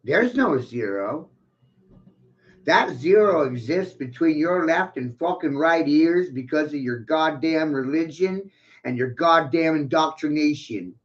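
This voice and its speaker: A man in a rambling, profane, boastful monologue, ranting with bursts of loud laughter, on a dull lo-fi recording. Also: on the high side, lively intonation, a little slow. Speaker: vlogger.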